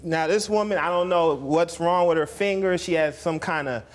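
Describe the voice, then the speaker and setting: A man's voice: fairly high pitch, a little hiss or hum. Defensive man in his thirties. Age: 30s. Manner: defensive, halting, repeats himself. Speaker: litigant. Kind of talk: courtroom show testimony.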